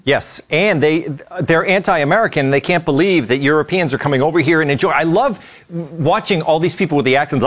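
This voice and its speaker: A male panelist with a slightly high voice who rambles through stories with plenty of hesitation. He speaks in a chatty talk show manner. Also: a little fast, a bit bright.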